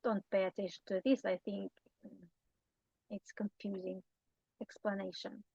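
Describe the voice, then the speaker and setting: A woman's voice: a little high, fairly bright tone, no room sound, dull audio. A woman with a Romanian accent teaching a grammar lesson, explaining patiently and often checking in with short tag questions. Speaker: language teacher.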